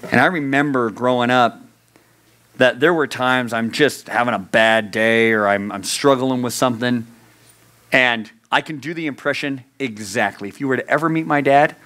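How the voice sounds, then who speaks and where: Male youth pastor, sermon delivery, earnest; moves between urgent lifts and hushed asides, leans on repetition. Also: mid-range voice, moderate pace. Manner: earnest, swings from raised urgency to hushed intimacy; repeats phrases for emphasis.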